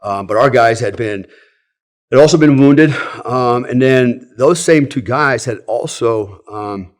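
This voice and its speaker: A man in his sixties with a medium-pitched voice, a former special forces soldier, guests on a podcast and tells old army stories in casual conversation. He rambles frankly, swears casually, and tacks "right?" and "you know" onto his sentences.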